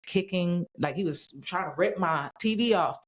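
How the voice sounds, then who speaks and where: A woman speaking as a podcast guest, telling her story in plain casual talk. She is blunt and swears often, moving quickly from one event to the next. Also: lowish voice. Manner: blunt, swears freely, tells events rapidly.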